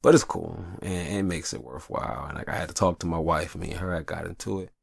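A deep, husky voice with vocal fry rattles off a casual confessional monologue at speed. The host, sitting in a hot upstairs room, rambles, curses and tells animated stories, recorded dry at studio quality.

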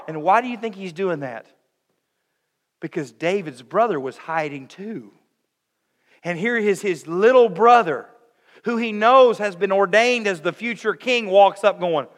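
A man preaching a sermon, emphatic, moving between raised passages and hushed ones. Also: sits high, animated, unhurried, big-room sound. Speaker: pastor.

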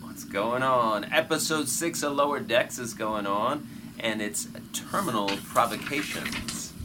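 A man hosting a casual fan podcast, relaxed and steering the talk through the episode. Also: medium pitch, measured pace. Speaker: podcast co-host. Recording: audible air conditioning hum.

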